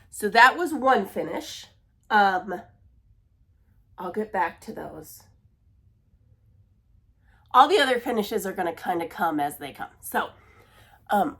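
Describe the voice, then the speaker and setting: A woman talks casually through her stitching projects at a middle pitch. She laughs at herself and apologizes often. Now and then she drops to a near-whisper when she fumbles. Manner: chatty, self-deprecating, laughs and apologizes often. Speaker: cross-stitch vlogger. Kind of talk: casual chat.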